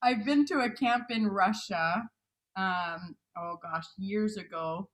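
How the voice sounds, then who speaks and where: Woman on a video call telling a story, animated, acts out the quotes, normal pitch. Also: slow pace. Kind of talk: casual video call chat.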